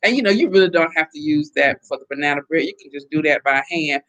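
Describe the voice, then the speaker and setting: A middle-aged woman from the Southern United States hosting a casual live stream, chatting and reacting to viewer comments in an animated way. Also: low voice, quick pace. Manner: chatty and animated, laughing often. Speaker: host reading viewer comments.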